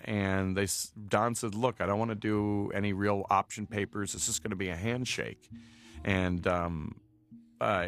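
A film director giving a loose, rambling commentary track with lots of filler words. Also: male voice, fairly low pitch.

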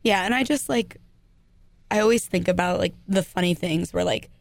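A woman's voice: fairly low pitch, normal speed, gravelly, dry recording. A young woman in her twenties hosting a casual podcast, rambling with many fillers and restarts. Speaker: podcast host.

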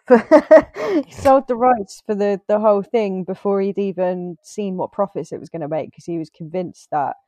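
A woman's voice: medium pitch, normal speed, few pauses, dark tone, dry recording. A woman chatting casually about films as a podcast co-host, rambling and correcting herself as she goes. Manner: rambling, self-correcting, laughs often. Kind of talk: casual film review chat.

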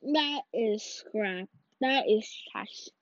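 A woman giving casual, rambling commentary while playing, excitable and mock-ranting. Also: a little high, drawn-out words, dry recording. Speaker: video creator. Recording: dull lo-fi audio.

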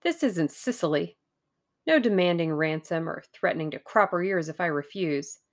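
A pushy, pugnacious American man in his thirties snaps out blunt demands in a low, gravelly voice. He sounds brash and suspicious, as a woman reading an audiobook puts him on. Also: lively intonation, moderate pace.

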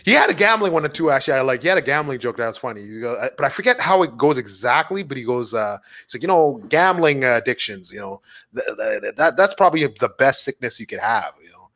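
A man's voice: mid-range voice, quick pace, dry recording. A man co-hosting a casual podcast, retelling comedy bits with lots of swearing and restarts. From Montreal, Canada. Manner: animated storyteller, swearing, many restarts. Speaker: podcast co-host.

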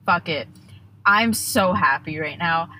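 A young woman hosts her own podcast in a loose, bubbly solo chat. Her voice sits a little low, and she rambles, cutting herself off mid-sentence. A faint hiss of background noise runs under the recording. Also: takes it slowly, bright, forceful tone. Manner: bubbly, rambling, self-interrupting. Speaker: podcast host.

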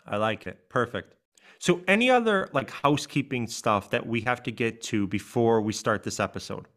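With a mid-range, fairly bright voice and lively intonation, a US podcast co-host chats casually. When he reads his own writing aloud, he does it earnestly, slowly and with feeling.

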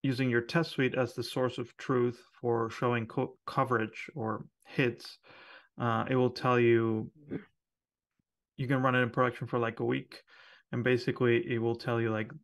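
A man co-hosting a podcast, talking shop in a relaxed, chatty way with lots of fillers and quick laughs. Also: mid-range voice. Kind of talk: casual technical chat.

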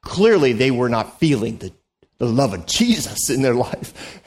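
A man's voice: medium pitch, sing-song, a little slow. A man preaching a sermon as a pastor, in a conversational, joking way, acting out the voices he quotes.

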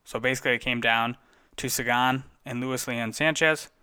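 Bright, clear-voiced man recapping races. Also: medium pitch, steady tone, moderate pace. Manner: chatty, enthusiastic, self-correcting. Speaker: cycling podcast host. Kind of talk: casual race recap commentary.

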